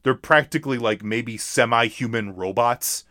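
A man in casual movie chat who rambles, stacking fillers and restarting his sentences. His voice sits in an ordinary middle pitch. The sound is dry and close, with no room around it. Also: moderate pace, sharp tone, dry recording. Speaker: podcast co-host.

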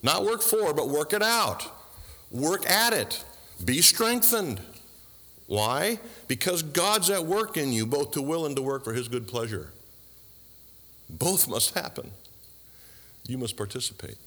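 A man's voice: a little high, sing-song, measured pace, long pauses, sharp tone, in a large hall. A man preaching a sermon, asking the congregation questions and adding dry asides. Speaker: pastor.

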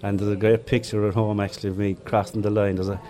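An older man with a Limerick Irish accent, a former marathon runner telling relaxed stories in an interview with chuckles along the way. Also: fairly low pitch, quick pace, faint music behind. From Ireland. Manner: chatty anecdotes with chuckles. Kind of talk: relaxed storytelling.

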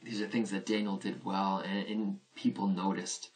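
An earnest male pastor delivers a sermon in an easy, conversational way, often turning to rhetorical questions. His voice sits on the low side. He stands some distance from the microphone, so he sounds a touch remote. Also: level tone, moderate pace.

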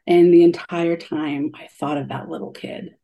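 A woman's voice: on the low side, flat delivery, moderate pace, dull audio. A young adult woman, an art therapist, telling a heartfelt story in a radio interview, with many ums and likes.

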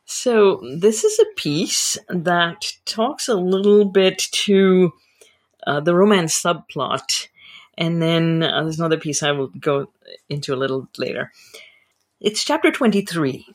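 Woman, author, interview, reading aloud, husky, animated, wide-ranging pitch. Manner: animated, expressive reader.

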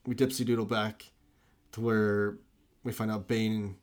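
A man's voice: lowish voice, level tone, measured pace. A man in casual film chat, rambling and enthusiastic, full of "like" and restarts.

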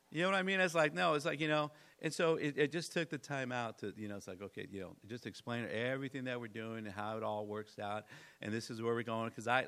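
A man's voice: medium pitch, fairly bright tone. A middle-aged man preaching conversationally to his congregation, rambling and repeating himself, building in intensity. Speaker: pastor. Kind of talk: sermon.

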